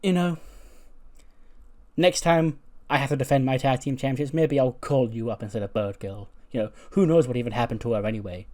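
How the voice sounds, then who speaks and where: A man's voice: mid-range voice, fairly quick, warm tone, lightly acted. A man voicing a brash, bossy female wrestling champion who talks smugly. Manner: bossy, smug.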